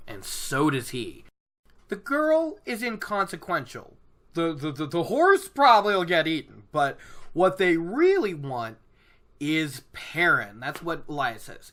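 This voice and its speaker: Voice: medium pitch, huge pitch swings, measured pace, fairly bright tone. A podcast host recapping a book chapter in a chatty way, with many "you know"s.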